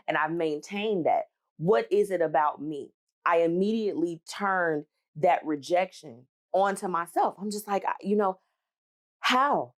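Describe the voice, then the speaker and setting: A woman in her thirties hosts her own podcast. Her voice sits a little low, but she talks with animated emphasis. She speaks straight to her listeners as she shares a personal story and then gives advice. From United States. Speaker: podcast host.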